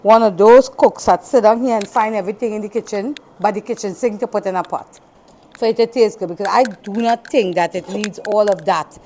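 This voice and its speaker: A woman with a Trinidadian accent talks viewers through a dish in her home kitchen, chatting as she cooks and often circling back to repeat herself. Her voice sits at an ordinary middle pitch, and an irritated throat brings the odd cough. A faint background noise runs under her voice. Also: fairly quick, dark tone. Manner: chatty, repeats phrases, talks while working. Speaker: cooking channel host. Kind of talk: casual cooking demonstration.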